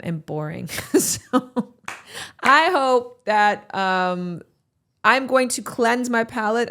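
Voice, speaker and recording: A woman's voice: fairly low pitch, a bit bright. A woman hosting a podcast, talking candidly and reflectively to her listeners. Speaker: podcast host. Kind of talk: solo podcast talk reading listener reviews.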